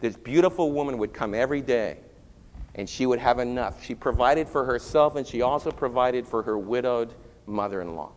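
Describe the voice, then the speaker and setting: A man preaching a sermon, telling a Bible story with animated rises and quieter stretches. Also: medium pitch, moderate pace, big-room sound. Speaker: pastor.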